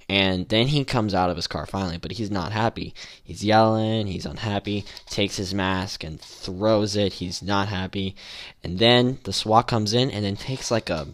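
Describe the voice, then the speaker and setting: Low-voiced man hosting a rambling podcast. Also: fairly bright tone. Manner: rambling, with many restarts and fillers. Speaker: podcast host. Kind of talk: casual solo podcast commentary.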